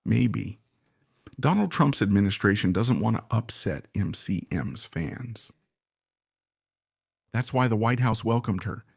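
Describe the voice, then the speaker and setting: A man with a gravelly edge to his voice delivers opinionated commentary, leaning hard on his points and stacking rhetorical questions. The sound is close and dry, with no room around it. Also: fairly low pitch, expressive, a little slow, long pauses, dry recording. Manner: emphatic, repeats points and fires rhetorical questions. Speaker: political commentator. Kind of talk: opinionated current-affairs commentary.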